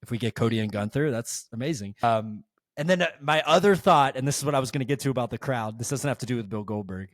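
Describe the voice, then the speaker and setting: A man's voice: medium pitch, expressive, fast, no echo, clean studio sound. A man chatting on a podcast, telling a long story in a rambling way with many restarts and fillers. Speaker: podcast guest. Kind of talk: casual podcast chat.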